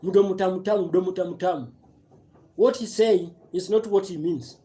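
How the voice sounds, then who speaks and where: Impassioned Kenyan man, dark voice. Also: high voice, normal speed. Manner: impassioned and repetitive, mixes broken English with Swahili. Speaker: commentator. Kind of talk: live-stream political commentary.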